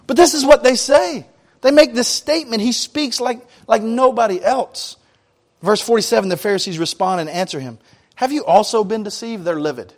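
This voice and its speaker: A man with a notably high voice preaching from the pulpit. He moves between reading scripture and relaxed, chatty retellings with casual slang. The delivery stays conversational rather than formal. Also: moderate pace. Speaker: pastor. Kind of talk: sermon.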